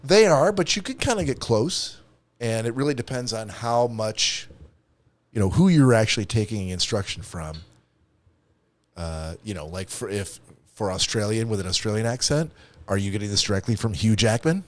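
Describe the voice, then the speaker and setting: A man co-hosting a comedy podcast in casual chat, rambling and animated with lots of restarts. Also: fairly low pitch, moderate pace, dry recording. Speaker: podcast co-host.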